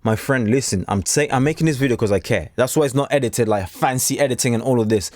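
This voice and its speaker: A man's voice: medium pitch, fast talker, darkish tone, dry recording, clean studio sound. A man from Africa giving a blunt, preachy motivational talk straight to camera, acting out the voices he quotes. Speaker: self-improvement coach.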